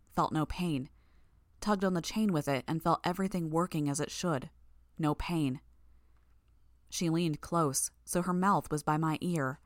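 A woman narrating fiction in the first person, in a measured, tense way. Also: deep voice, dry recording, clean studio sound. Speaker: audiobook narrator.

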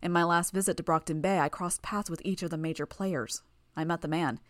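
A woman voicing a calm, smooth-talking and menacing male killer, speaking in a mocking tone. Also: fairly low pitch, a little fast, no room sound, clean studio sound, close to an everyday voice.

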